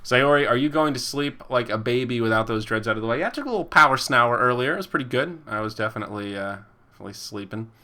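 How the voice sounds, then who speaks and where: Reading live chat on his casual podcast, a man in his twenties talks fast in a medium-pitched voice that sounds pushed and bright. The esports caster rambles, laughs, and imitates the commenters he reads aloud.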